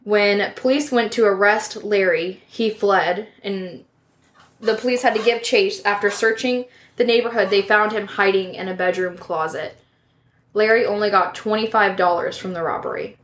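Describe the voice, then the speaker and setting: Brief woman host, mid-pitched, relaxed true-crime storyteller working from notes. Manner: reads from notes with casual asides and self-corrections. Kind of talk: casual narration of a case.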